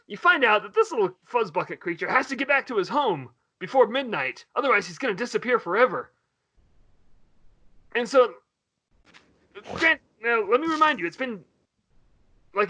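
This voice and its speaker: A man hosting a podcast in casual chat, telling a story in an animated way. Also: high voice, normal speed, pauses often, dull audio. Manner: animated, swears and laughs while retelling. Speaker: podcast host.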